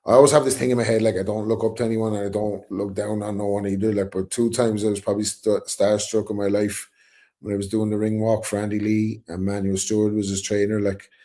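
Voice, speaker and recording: A man's voice: lowish voice, flat delivery, fast, mellow. A middle-aged Irish man telling a story in a casual chat, acting out the quotes and swearing freely. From Ireland. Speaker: guest rapper.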